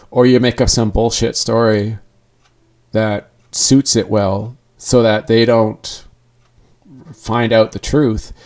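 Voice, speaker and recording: A man's voice: medium pitch, a little mellow. A man speaking candidly in a personal monologue, earnest and rambling, often restarting his sentences.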